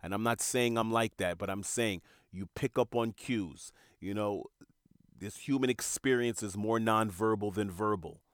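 Brief: earnest male podcaster musing alone, lowish voice, halting repeats. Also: no room sound, studio quality. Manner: earnest, repeats words when searching for them. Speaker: podcast host. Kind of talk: reflective monologue.

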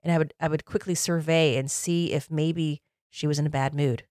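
A woman's voice: low voice, fairly even intonation, normal speed, a little mellow, no echo, clean studio sound. A woman in her forties hosting a podcast, telling personal stories in an earnest, reflective, conversational way. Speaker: podcast host.

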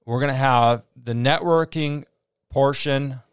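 A man with a Midwestern accent talks through a casual solo podcast, circling back with fillers and false starts. His voice is smooth and resonant. He is recorded close on a mic in a dry room. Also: medium pitch, unhurried, no room sound. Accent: American Midwest. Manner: rambling, many fillers and restarts. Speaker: podcast host.

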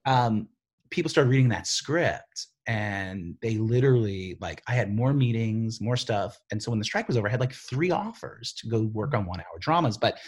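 A man who writes for television, telling stories from his career in a rambling, animated way, full of "like" and "you know.". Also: fairly low pitch, normal speed, slightly rough. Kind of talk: casual storytelling interview.

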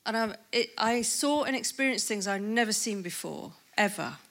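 A woman in her fifties gives a testimony at a conference. Her voice sits at a middle pitch, and she tells her story in a lively way, laughing often and acting out the things people said to her. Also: normal speed. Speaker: conference speaker.

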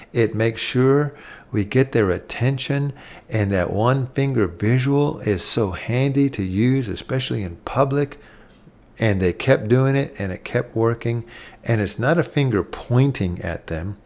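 Earnest middle-aged man giving parenting advice. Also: medium pitch. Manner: earnest, acts out gentle parent lines to children. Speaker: parenting podcast host. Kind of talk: instructive talk.

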